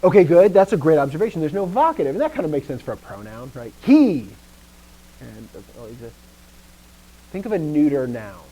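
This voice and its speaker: This man's voice is brisk with big pitch swings, heard over poor audio. During an informal Greek lesson he corrects himself, pauses often to check with the class, and illustrates emphasis by punching stressed words louder and higher.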